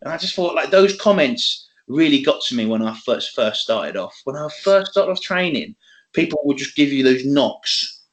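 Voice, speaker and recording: A man's voice: mid-range voice, sing-song, normal speed. A young man in his twenties chats on a podcast. He rambles from point to point, swears often and breaks into laughs. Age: 20s. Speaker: podcast co-host. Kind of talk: casual chat.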